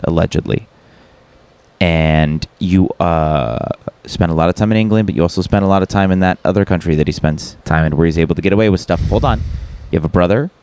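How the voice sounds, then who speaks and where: A man's voice: low-pitched, a little mellow, smooth, dry recording. A man co-hosting a comedy podcast, rambling casually, swearing and laughing often. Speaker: podcast co-host.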